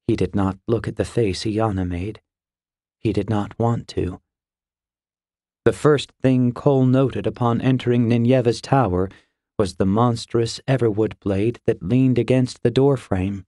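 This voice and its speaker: A man narrating a fantasy audiobook in a measured, even storytelling voice, recorded close in a quiet booth. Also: mid-range voice, no echo.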